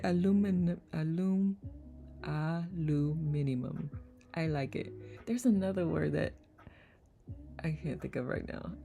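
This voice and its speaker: A woman's voice: low-pitched, gravelly, mellow. A woman hosting a live online circle, reading comments aloud in a playful manner and laughing often. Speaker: host of online community circle. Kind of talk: casual live-stream chat reading comments.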